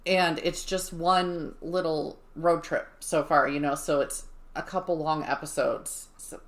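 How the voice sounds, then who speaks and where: Woman podcast host, lowish voice, rambly casual chat, lots of restarts. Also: steady tone, measured pace.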